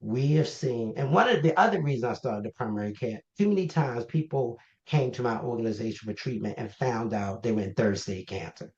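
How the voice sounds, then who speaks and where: A man's voice: mid-range voice, a little fast, hardly any pauses. A man being interviewed as the founder of a health organization, telling stories and acting out the voices of the people in them. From Baltimore, US. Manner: animated storyteller, acts out quoted exchanges. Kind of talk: conversational interview. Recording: roomy, dull lo-fi sound.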